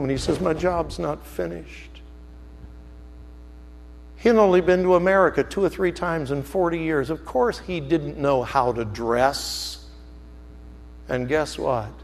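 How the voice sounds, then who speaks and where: A man preaching a sermon as a story, animated, swinging from loud outbursts to hushed, slow emphasis. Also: on the high side, creaky, in a large hall.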